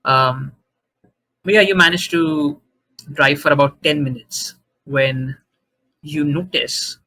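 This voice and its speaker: A man narrating as game master in a tabletop role-playing game, halting with many fillers and restarts. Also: a little high, fairly even intonation, bright, forceful tone, low-quality recording.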